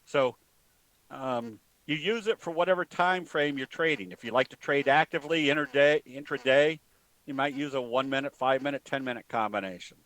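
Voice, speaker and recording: A man teaching trading in a plain-spoken, folksy way, pausing often with fillers. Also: medium pitch, fairly bright tone, no echo, poor audio. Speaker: trading educator. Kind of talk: webinar talk with a told joke.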